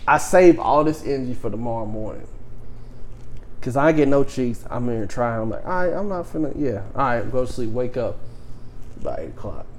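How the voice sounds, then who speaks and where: A young man telling a wild story in casual podcast chat, profane and animated, breaking into laughs. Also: mid-range voice, a little fast, slight background noise.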